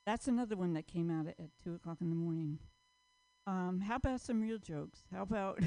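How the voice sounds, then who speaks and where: A woman's voice: on the low side, moderate pace, mellow, dry recording, low-quality recording. A woman doing a stand-up set at an open mic, rambling and self-mocking, often trailing off.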